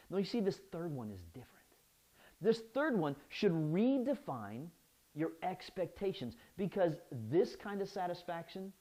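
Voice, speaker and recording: A man's voice: high-pitched, dark tone, low-quality recording. A man preaching a sermon as pastor, often restarting his phrases and asking the listeners "right?".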